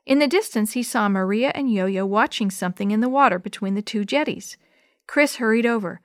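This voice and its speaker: Children's storyteller, woman, slow clear read-aloud, fairly high voice. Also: no room sound, clean studio sound.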